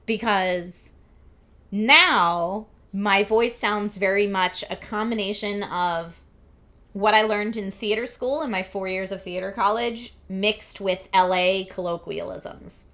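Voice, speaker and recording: A woman's voice: medium pitch, slow pace, sharp tone. A woman in her thirties from the Philadelphia area, chatting casually and animatedly with her stream viewers, laughing often and saying "like" a lot. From Philadelphia and New Jersey area.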